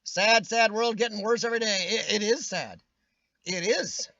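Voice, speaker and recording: A man's voice: sits high, moderate pace, creaky, bright, forceful tone, no room sound, lo-fi sound. A man hosting a casual live-stream chat, ranting with strong opinions and answering viewers' comments by name, his voice starting to wear out. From United States. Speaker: livestream host reading chat.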